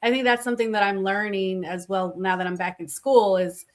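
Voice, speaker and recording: A woman who is a student, joining a casual panel talk in a quick, eager way. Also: mid-range voice, steady tone.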